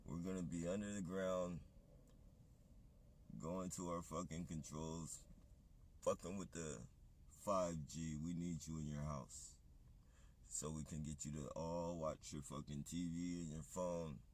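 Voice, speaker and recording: A man's voice: very deep voice, steady tone, unhurried, darkish tone. A man on a livestream, ranting in a heated, profane, rambling monologue. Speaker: livestream host.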